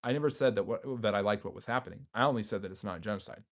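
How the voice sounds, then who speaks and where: A man's voice: fairly low pitch, very fast. A man hosting a history channel's live stream, reading viewer comments aloud and answering them off the cuff.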